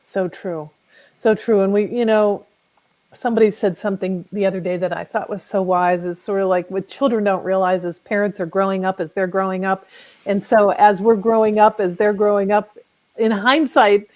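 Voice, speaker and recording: A woman's voice: medium pitch, steady tone, moderate pace, darkish tone, low-quality recording. A middle-aged woman, a guest author, speaking candidly and wryly in a casual interview. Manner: candid, wry with light laughs.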